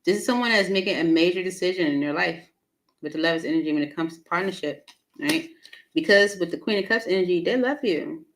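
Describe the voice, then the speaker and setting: A woman's voice: fairly low pitch, fast talker, rough recording. Chatty, laughing tarot-reading woman. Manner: chatty, laughs often, talks to viewers by name. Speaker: tarot reader hosting a live stream. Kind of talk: casual live tarot reading.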